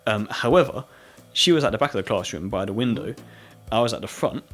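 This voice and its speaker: Young British man, husky and low-pitched, rambling casual storyteller, soft music in the background. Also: lively intonation, a little fast. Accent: British English. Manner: rambling storytelling with frequent "like" fillers, laughing often. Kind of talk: casual chat.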